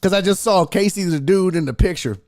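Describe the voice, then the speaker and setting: This sports show host, a man, speaks fairly quickly in a high voice with a darkish tone. On a casual livestream, he tells a story full of cursing and quoted voices.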